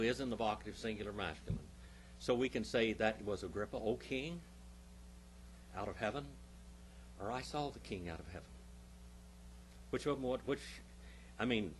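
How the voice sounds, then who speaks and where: A man's voice: lowish voice, slight background noise. A male pastor teaching a Bible class, emphatic, stopping often to quiz his listeners with questions.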